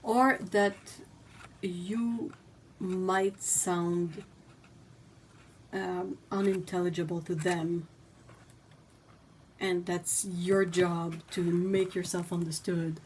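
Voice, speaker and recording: A woman's voice: lowish voice, flat delivery, very slow, pauses often, a little mellow, a little hiss or hum. A woman hosting a casual livestream, chatting and reading viewer comments aloud. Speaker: livestream host.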